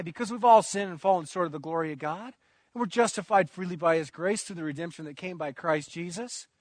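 A man's voice: on the high side, no room sound, studio quality. A man preaching a sermon with impassioned emphasis and repeated phrases.

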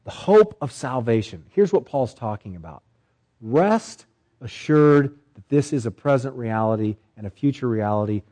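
A male pastor delivering a sermon, emphatic, with swelling pitch and repeated phrases. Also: expressive, normal speed, dark tone, poor audio.

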